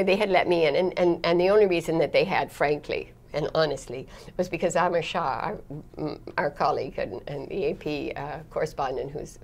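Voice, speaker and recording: A woman's voice: lowish voice, slight background noise. A middle-aged woman, a foreign correspondent, recounting her career in a chatty interview, laughing often and restarting her sentences. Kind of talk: reflective interview storytelling.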